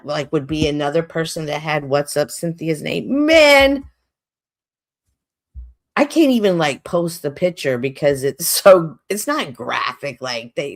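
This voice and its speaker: A woman hosting her own livestream, speaking from a home streaming setup. Her voice sits on the lower side but swings widely in pitch. She is animated and expressive, and laughs often as she talks. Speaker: livestream host. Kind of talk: casual livestream monologue.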